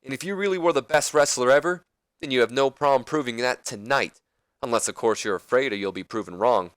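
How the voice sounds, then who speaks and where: A man voicing a brash, cocky male wrestler who loudly taunts and challenges the champion in a wrestling game promo. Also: mid-range voice, a little fast, no echo, studio quality, lightly acted. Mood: challenging. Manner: taunting, challenging, raised and loud.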